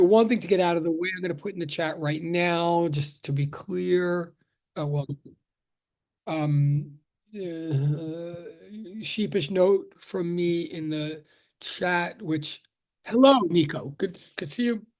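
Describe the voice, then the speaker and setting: Rambling professor on a video call. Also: male voice, high voice, takes it slowly, darkish tone. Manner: chatty, rambling, greets students one by one with many restarts. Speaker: physics professor. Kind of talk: casual online class greeting.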